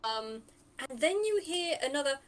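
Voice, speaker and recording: A woman's voice: high-pitched, big pitch swings, moderate pace. A woman narrating a tabletop game as game master, chatty and thinking aloud with many fillers.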